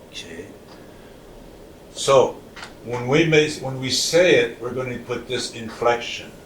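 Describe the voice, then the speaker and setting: A man teaching a language class, speaking slowly and patiently and repeating words for his students. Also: mid-range voice, fairly bright tone, slight background noise. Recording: roomy sound from a distant mic, faint ambience.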